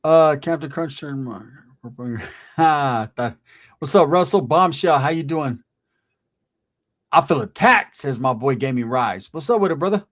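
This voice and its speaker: A man's voice: fairly high pitch, expressive, unhurried, a bit bright. A man hosting a live stream in casual chat, laid-back, greeting chat and hyping viewers. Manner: laid-back, reads chat names aloud, hypes viewers.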